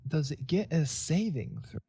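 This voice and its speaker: Hesitant game master on voice chat. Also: male voice, fairly high pitch, very animated, normal speed, vocal fry, dark tone, husky. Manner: rambling, hesitant, full of ums. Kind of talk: narrating a tabletop game over voice chat. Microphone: home microphone with a sound gate.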